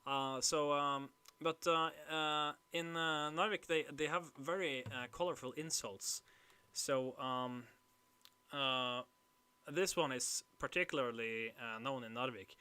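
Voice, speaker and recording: A man's voice: mid-range voice, takes it slowly, pushed and bright, clean tone. A young man, chatting casually on a livestream, hesitant and rambling with many fillers. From Norway. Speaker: livestream host.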